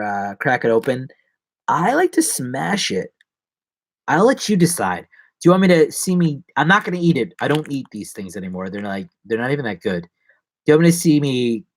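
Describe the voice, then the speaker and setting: A man hosting a casual live stream, rambling and joking as he chats to viewers from his seat at home. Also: medium pitch. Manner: rambling, playful and jokey. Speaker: livestream host. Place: seated at home.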